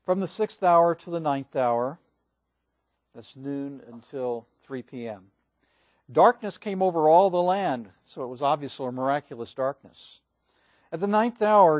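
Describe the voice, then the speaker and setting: A male pastor preaching a sermon, reading scripture aloud and moving between swelling emphasis and hushed passages. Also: on the high side, dry recording.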